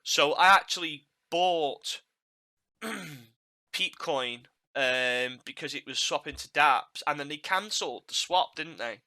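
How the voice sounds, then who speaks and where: Bright-voiced podcast host. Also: male voice, on the high side, slow. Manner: animated, laughs at his own losses, repeats words as he goes. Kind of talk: casual podcast chat.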